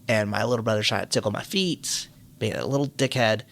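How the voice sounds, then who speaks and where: A man co-hosting a podcast, chatting casually and telling animated, joking stories. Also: fairly low pitch, fairly quick. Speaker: podcast co-host. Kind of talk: casual chat.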